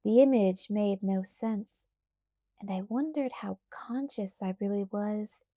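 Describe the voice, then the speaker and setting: A woman narrating an audiobook in a calm, measured first-person reading. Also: medium pitch, dry recording. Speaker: audiobook reader.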